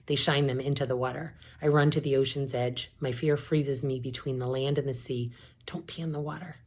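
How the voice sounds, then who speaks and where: A woman, an English professor, reading a novel aloud in a steady, measured narration. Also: extremely low pitch.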